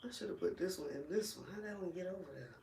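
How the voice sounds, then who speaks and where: A woman vlogger chatting casually while braiding her hair, animated, blunt and full of slang and cursing. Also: fairly low pitch, fast talker, gravelly, reverberant, slight background noise.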